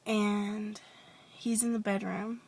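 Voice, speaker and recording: A woman telling a personal story in a confessional vlog, hesitant and rambling with many restarts, sometimes dropping to a soft whisper. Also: medium pitch, little pitch movement, takes it slowly, vocal fry, husky. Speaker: vlogger.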